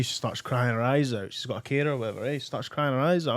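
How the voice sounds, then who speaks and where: A Scottish man co-hosting a podcast from a studio, chatting casually and rattling through stories at a quick clip. He acts out the people he quotes as he goes. His voice sounds dry and close, with almost no room around it. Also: medium pitch, no echo. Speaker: podcast co-host. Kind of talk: casual chat.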